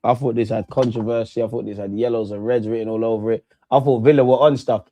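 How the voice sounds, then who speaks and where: A young football watchalong streamer gives casual live match commentary, chatting in slang and sounding bored. His mid-range voice is warm and steady, and he talks fast.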